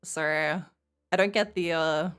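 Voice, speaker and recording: A woman's voice: lowish voice, fairly even intonation, unhurried, smooth. A woman with a mild Australian accent, chatting casually to her live-stream audience, laughing often while she sorts out tech problems.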